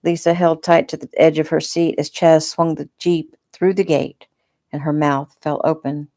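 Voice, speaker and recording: Low-voiced woman reading her novel. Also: moderate pace. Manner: relaxed, unpolished reading. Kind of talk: casual audiobook narration.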